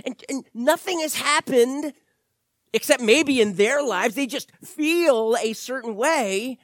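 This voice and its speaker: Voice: medium pitch, animated, unhurried, no echo. Conversational preacher, dry close sound. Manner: conversational storytelling preaching, acts out small voices. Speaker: pastor. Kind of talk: sermon.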